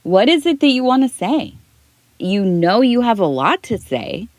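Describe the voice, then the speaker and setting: A middle-aged woman giving a soft-spoken ASMR tea leaf reading, rambling and talking in circles, close to the mic. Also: a little high, very animated, measured pace, no room sound. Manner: rambling, talks in circles with restarts.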